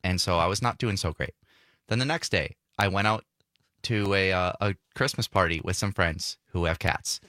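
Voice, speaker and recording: Young male co-host, congested, low but bright tone, easygoing talk. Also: moderate pace, dry recording, studio quality. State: stuffy nose. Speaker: radio co-host. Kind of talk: casual radio talk.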